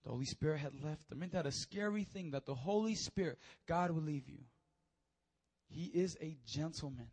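A man preaching a sermon, telling stories with animated energy and stammered repeats. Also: fairly high pitch, normal speed, slightly rough.

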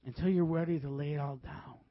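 Man, preacher, animated sermon storytelling, laughs often, dry close sound, dull lo-fi recording. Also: on the high side, fast talker, no echo. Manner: lively, laughs often while telling stories.

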